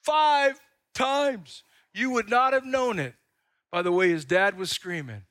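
Older guy pastor preaching, high bright voice, dry sound, acts out quotes. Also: takes it slowly, no echo. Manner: animated storytelling, acts out quotes; stumbles and repeats words. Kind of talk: sermon.

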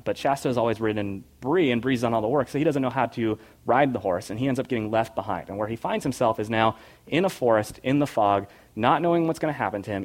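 A man reading a storybook passage aloud and then drawing a devotional lesson from it, soft-spoken and earnest. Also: medium pitch.

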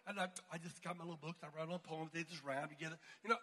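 A man preaching to a crowd of students, telling slangy, animated stories from his youth. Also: on the high side, racing, long reverb tail. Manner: casual, slangy, animated storytelling. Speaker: youth speaker. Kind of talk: storytelling sermon.

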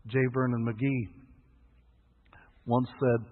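Delivering a sermon, this pastor shares folksy tales and performs the voices of their characters, speaking slowly with long pauses. His mid-range voice has a breathy edge, and the broadcast sounds tinny and phone-like.

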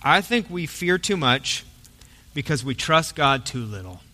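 A man preaching a sermon as pastor, swinging from soft, quiet stretches to forceful, punchy emphasis. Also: on the high side, big pitch swings, a little slow. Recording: long hall reverb.

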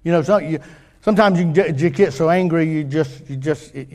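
A man preaching a sermon, his voice sitting a little higher than most men's. He talks earnestly and haltingly, restarting his sentences as he works through his thoughts, and swings between loud emphasis and quiet asides. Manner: earnest, halting with many restarts, rising and falling in intensity. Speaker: pastor.

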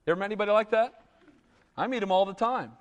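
Lively high-voiced pastor preaching in a reverberant hall. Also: male voice, quick pace. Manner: animated, conversational preaching with frequent "right?" asides. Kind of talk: sermon. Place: church.

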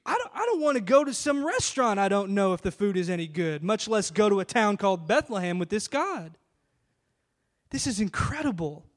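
A man's voice: high voice, very animated, fairly quick. A man pastor preaching an emphatic sermon full of rhetorical questions.

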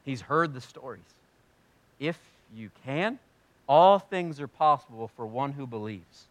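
A man preaching a sermon in an animated way, swinging from loud, emphatic lines to quiet, low ones. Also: unhurried, no echo. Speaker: pastor.

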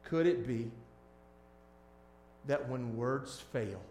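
A man preaching as a pastor, shifting between hushed, tender lines and loud, emphatic ones. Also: mid-range voice, very slow, roomy sound, slight background noise. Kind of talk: sermon.

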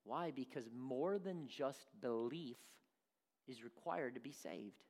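A man preaching a sermon, animated and acting out characters in his stories. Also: medium pitch, slow pace. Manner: animated, acts out voices in stories.

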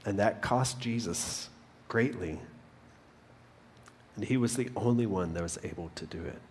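A man's voice: fairly low pitch, unhurried, a little mellow, slight background noise. A man preaching a sermon, earnestly retelling a story with frequent restarts. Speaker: pastor.

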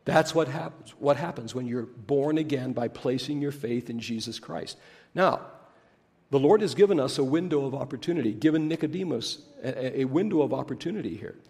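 A pastor preaching a sermon, slowing down to stress key words. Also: male voice, mid-range voice, animated, vocal fry, darkish tone. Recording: preached in a hall with long reverb.

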